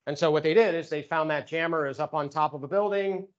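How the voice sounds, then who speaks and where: A quick-paced man on the high side delivers a casual electronic warfare lecture in a lecture room, and the audio's highs are cut off. Fillers and restarts pepper his speech as he keeps correcting himself.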